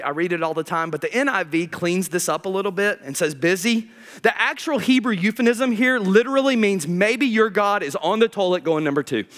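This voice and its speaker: A man preaching a sermon, animated and joking, swinging between loud emphatic peaks and low quiet asides. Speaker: pastor.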